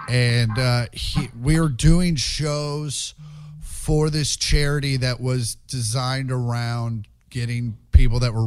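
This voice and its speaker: A man, a stand-up comedian, telling road stories in a casual chat. He is profane and animated and acts out the quotes. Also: medium pitch, no room sound.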